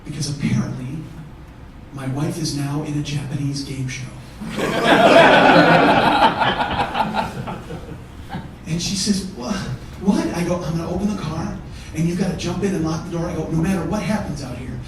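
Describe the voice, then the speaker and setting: A comedian telling a story on a theater stage, profane, swinging from shouting to hushed. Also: male voice, fairly high pitch, fast talker, noisy background. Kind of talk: stand-up storytelling. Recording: echoey theater from far off.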